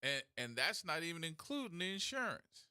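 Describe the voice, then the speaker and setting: A man hosting a call-in radio talk show, telling stories in a folksy, animated way. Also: on the high side, normal speed, smooth, no room sound, studio quality. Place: radio studio. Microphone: studio mic.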